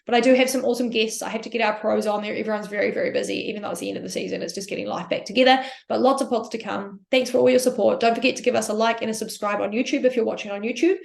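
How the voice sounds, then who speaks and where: Young New Zealand woman, podcast host, higher voice with vocal fry, upbeat and rambling, echoey room. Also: steady tone, racing, hardly any pauses, darkish tone. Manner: chatty, upbeat, rambling with many likes and ums. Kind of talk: casual solo podcast chat.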